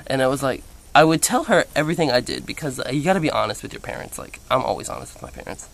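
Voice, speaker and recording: A young man telling a personal story to the camera in a casual vlog, chatty and animated, with lots of "like" fillers. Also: mid-range voice, racing, creaky, a little hiss or hum. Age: young adult. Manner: quotes others in playful voices. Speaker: vlogger.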